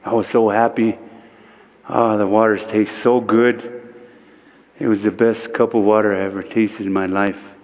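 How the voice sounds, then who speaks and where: A man from Standing Rock telling a spiritual vision story at a worship service in slow, short phrases, his voice rising sharply whenever he quotes someone. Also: on the low side, flat delivery. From Standing Rock, United States. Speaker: guest speaker, spiritual teacher. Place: church sanctuary. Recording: long reverb of a large hall.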